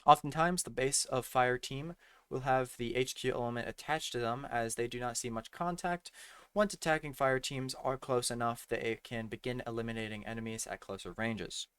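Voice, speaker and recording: A young man who presents tutorials for a gaming community reads his slides aloud, often stumbling over words and correcting himself. His mid-range voice is a bit bright and clean, at normal speed, though it sounds worn as he loses it. The recording has no room sound.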